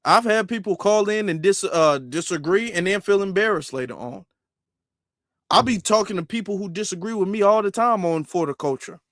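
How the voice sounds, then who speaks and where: Man, high voice, dry close sound, emphatic repetitive streamer commentary. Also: expressive, moderate pace, a bit bright, no echo. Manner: emphatic and repetitive, with rhetorical questions. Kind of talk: live-stream commentary reading super chats.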